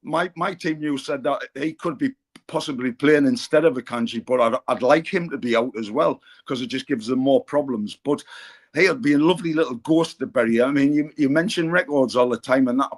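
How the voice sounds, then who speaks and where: A man's voice: mid-range voice, a little fast. Rambling Geordie man telling stories. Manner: rambling anecdotal storyteller, frequent fillers and restarts. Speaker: pundit on a football fan podcast. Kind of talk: casual chat.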